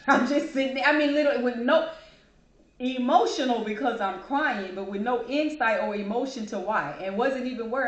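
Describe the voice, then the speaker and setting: A chatty woman hosting a casual personal talk speaks briskly in a fairly high voice, with a lo-fi sound in an echoey room. She's emotional, smiling and laughing as she talks.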